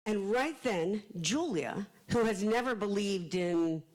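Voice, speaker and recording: An older woman from Philadelphia with a Philadelphia accent, an author giving a fast, chatty, joking live talk at a library event. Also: mid-range voice, lively intonation, a little mellow, low-quality recording. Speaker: author speaking to an audience.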